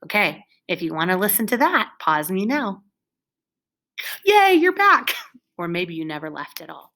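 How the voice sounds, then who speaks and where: A woman's voice: on the low side, lively intonation, a little fast, bright, forceful tone. A woman teaching young children in a recorded lesson, with an encouraging, exaggerated teacher voice.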